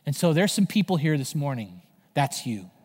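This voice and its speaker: A man preaching a sermon as pastor, telling Bible stories with animated delivery and acted-out voices. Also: on the high side, moderate pace, slightly rough. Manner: animated storytelling, acting out voices. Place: large church hall. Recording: long hall reverb.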